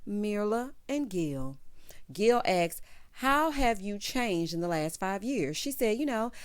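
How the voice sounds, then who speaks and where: A chatty woman with features gives a reality TV recap. Her speech is sassy and conversational, with plenty of asides and "honey" thrown at the people on the show. Her pitch sits in the middle range for a woman. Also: big pitch swings, takes it slowly, clear, resonant tone. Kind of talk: casual commentary recap.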